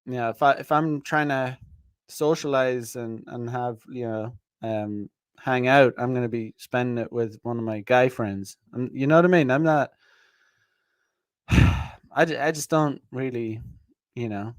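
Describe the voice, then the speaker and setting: A man's voice: mid-range voice, unhurried, clear, resonant tone, dry recording, studio quality. A man hosting a podcast, talking in a blunt, profane, rambling way with many restarts and fillers. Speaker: podcast host. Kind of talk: casual livestream monologue.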